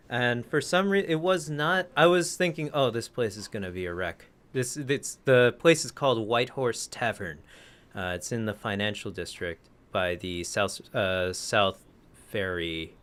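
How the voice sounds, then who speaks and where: A man's voice: medium pitch, fairly bright tone, smooth. A man co-hosting a casual podcast, telling a rambling story that he keeps correcting as he goes. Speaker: podcast co-host. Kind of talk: casual chat.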